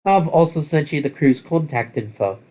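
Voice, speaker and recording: A man's voice: a little high, expressive, moderate pace, a little mellow, voice pushed up, close to an everyday voice. A man reading a helpful young crew planner. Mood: matter-of-fact.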